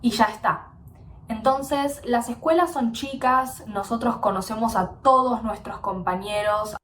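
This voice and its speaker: A woman, speaking slowly and deliberately in a language-learning video. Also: a little high, a bit bright. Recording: echoey, distant clip played back.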